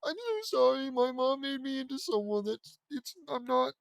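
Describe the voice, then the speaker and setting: Sakura, a squeaky weeping teen girl ninja. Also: big pitch swings, normal speed, vocal fry, no echo, full character voice. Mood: tearful. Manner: high squeaky sobbing voice. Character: tearful apologetic teenage girl ninja. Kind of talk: mock-dramatic fan fiction reading.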